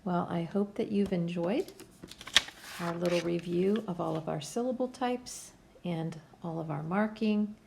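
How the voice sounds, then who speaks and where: Patient woman teacher for a kids' phonics lesson; lowish, gravelly voice, slow delivery. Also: heavy background noise. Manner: slow, patient, step-by-step instruction. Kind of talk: phonics lesson for young students.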